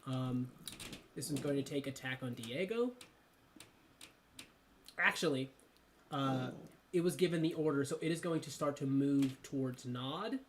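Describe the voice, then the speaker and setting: A man's voice: medium pitch, measured pace, long pauses, a little hiss or hum. A man running a tabletop game as game master, talking loosely with plenty of ums and uhs. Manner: loose and chatty, lots of ums and uhs, breaks into laughter.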